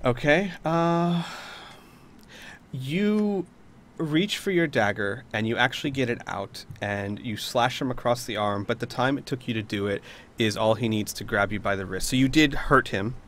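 A man narrates a tabletop role-playing session as game master, his voice sitting at an ordinary middle pitch. He talks casually and chattily, full of ums and quick laughs. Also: fairly bright tone, slight background noise. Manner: casual, chatty, laughs often, many fillers.

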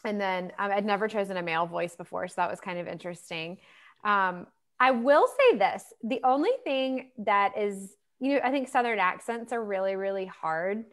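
A woman's voice: mid-range voice, normal speed, fairly bright tone. A woman author in a casual interview chat over a video call, talking loosely with many fillers and laughs. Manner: chatty, lots of fillers and laughs. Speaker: author guest.

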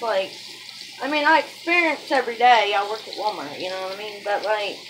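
A woman's voice: on the high side, background noise. A young woman talking casually in her home vlog, venting with exasperation and lots of "like". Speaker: vlogger.

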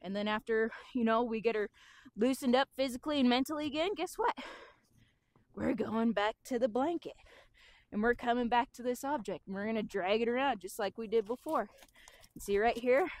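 A woman horse trainer explaining calmly while working with a horse outdoors and talking to it as she goes. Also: a little high, brisk, dry recording. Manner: calm, explanatory, talks to the horse as she works.

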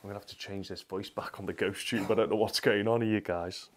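A man's voice: fairly low pitch, fairly even intonation, a little fast. A man on a ghost hunt inside a house at night, explaining things matter-of-factly to his viewers. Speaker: paranormal investigator.

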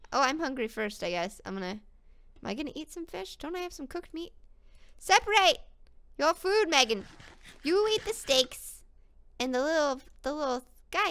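A woman's voice: high voice, a bit bright. A young woman playing a video game and chatting in a bubbly, easily distracted way to her viewers. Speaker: gaming YouTuber. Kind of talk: casual let's-play chat.

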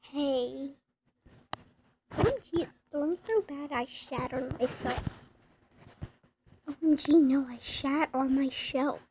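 A woman's voice: high-pitched, slow pace, long pauses, darkish tone, slight background noise, poor audio. A woman reading funny text messages aloud with playful, laughing, exaggerated reactions. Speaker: comedy video narrator.

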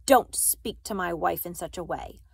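A woman's voice: on the low side, normal speed, vocal fry, slightly rough, no echo. A woman reading aloud, voicing a father who speaks firmly to defend his family. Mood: stern. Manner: firm, forceful. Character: protective, stern father.

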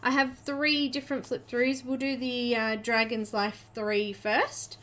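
A woman hosting a casual live chat, a little out of breath, chatty and quick to laugh as she greets viewers by name. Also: a little high, little pitch movement, fairly bright tone. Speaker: live stream host.

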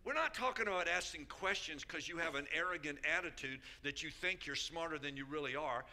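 A man preaching as a bishop, his voice pitched a little high and piercingly bright. He drives his points home by repeating phrases and calling out to his listeners. The delivery is emphatic throughout. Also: a little fast. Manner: emphatic, repeats key phrases, calls out to the congregation. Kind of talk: sermon.

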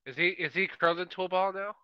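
A man's voice: high-pitched, fairly even intonation, fast talker, clean tone, dry recording, lo-fi sound. A man playing a tabletop game, playful and eager to push wild ideas. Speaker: player. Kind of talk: casual game chat.

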